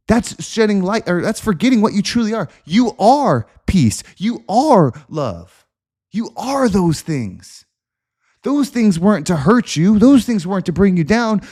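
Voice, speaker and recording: A man's voice: sits high, big pitch swings, moderate pace, darkish tone. A man hosting a podcast, delivering an intense, repetitive motivational monologue with preacher-like emphasis. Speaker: podcast host.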